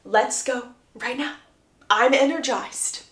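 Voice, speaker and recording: A woman's voice: sits high, slow pace, a bit bright. A woman voicing a bold, chatty young woman who talks eagerly and insistently. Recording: roomy echo.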